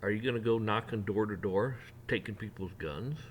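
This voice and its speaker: A man delivering a heated opinion rant, mocking officials in sarcastic put-on voices and building up to near shouting. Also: lowish voice, moderate pace, slight background noise. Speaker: rant channel host.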